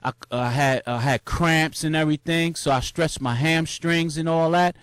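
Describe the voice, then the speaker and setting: A young man tells his story in a loose, slangy ramble full of restarts. His voice sits high for a man, and it jumps up whenever he acts out the crowd cheering. The sound is dry and close, with almost no room around it. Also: normal speed, a bit bright, clean tone, dry recording. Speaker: vlogger recounting a marathon. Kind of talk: casual storytelling monologue.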